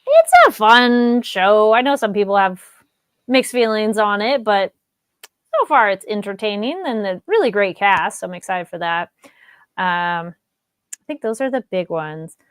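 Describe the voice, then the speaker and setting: A woman co-hosting a casual fan chat show, reading viewer comments and giving relaxed recommendations. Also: mid-range voice, unhurried, clean tone, no room sound. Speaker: podcast co-host.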